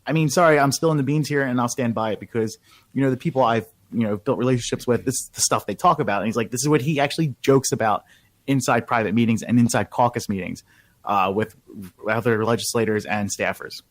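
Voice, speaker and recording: A man's voice: medium pitch, fast talker, no room sound. Emphatic man with a dry, close sound. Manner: filler-heavy, emphatic, gossipy. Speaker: political reporter guest. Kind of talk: casual political talk.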